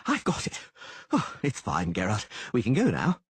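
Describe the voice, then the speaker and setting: A man's voice: lowish voice, huge pitch swings, moderate pace, husky, dry recording, heavily acted. A man voicing a vain, flamboyant young bard with a theatrical manner in an audiobook. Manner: theatrical, exclaiming. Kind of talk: audiobook character voice.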